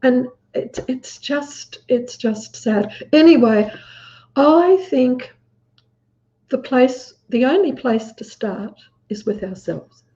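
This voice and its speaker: A woman with an Australian accent, appearing as a guest, speaks earnestly in casual conversation and acts out quotes while telling a story. Her high voice is animated yet mellow and slow-paced, and the audio is dull and lo-fi.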